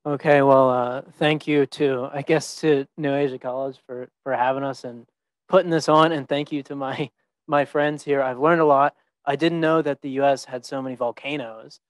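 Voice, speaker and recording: A man's voice: medium pitch, steady tone, normal speed, no room sound. A young man from the southern United States presenting to a class in an easygoing, self-deprecating way, with hesitant restarts. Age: young adult. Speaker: teaching fellow presenting.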